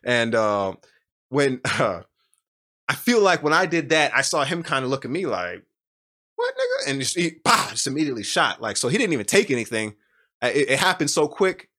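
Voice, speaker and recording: A man's voice: mid-range voice, big pitch swings, a little fast, bright, forceful tone. A young man telling his story in a casual, rambling way with many fillers and restarts.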